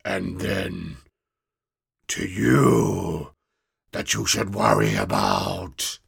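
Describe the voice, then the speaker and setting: Guy putting on a slow gravelly growl for a warty little green storybook monster, husky and rough. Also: sits low, animated, exaggerated voice. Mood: menacing. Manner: growling, slow menacing threats. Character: squat warty green male monster, angry and hungry.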